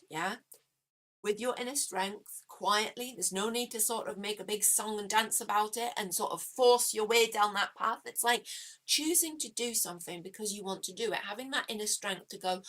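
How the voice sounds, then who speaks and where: A woman hosts a live tarot stream and talks straight to her viewers. She sounds chatty and encouraging, with a bright, clear edge to her voice. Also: mid-range voice.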